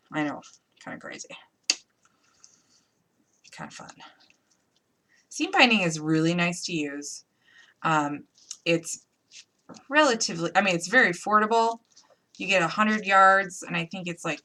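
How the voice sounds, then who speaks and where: On the low side, a woman's voice comes across pushed and bright. She's hosting a live crafting tutorial with an upstate New York accent, chatting playfully and talking herself through each step as she works.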